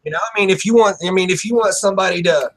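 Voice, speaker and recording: A man's voice: high-pitched, rapid-fire. A man co-hosting a casual chat, blunt and profane, often asking "you know what I mean". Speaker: co-host.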